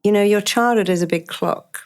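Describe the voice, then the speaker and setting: A woman guest, a therapist, telling animated stories from her work in an interview. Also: mid-range voice, moderate pace, clean tone. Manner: animated, emphatic, quotes herself. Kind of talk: interview storytelling.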